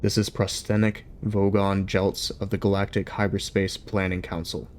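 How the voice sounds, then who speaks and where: A self-important alien official addresses a whole planet over a loudspeaker, voiced by a man reading a storybook aloud. His voice sits a little low, and he sounds officious and dismissive, with little patience for complaints. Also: little pitch movement, moderate pace, slight background noise, lightly acted.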